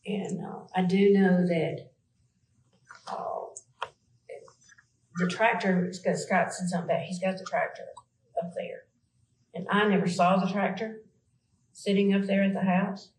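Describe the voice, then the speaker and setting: A woman's voice: medium pitch, fairly even intonation, measured pace, long pauses, darkish tone, reverberant, slight background noise, rough recording. A woman with a Southern US accent, answering questions in a police interview, rambling and hesitant with many fillers.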